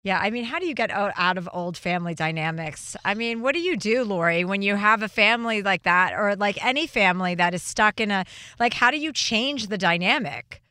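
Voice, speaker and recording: A woman's voice: mid-range voice, expressive, a little fast, pushed and bright, clean tone, dry recording. A young woman hosting a call-in advice show, talking earnestly and encouragingly with frequent restarts. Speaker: show host.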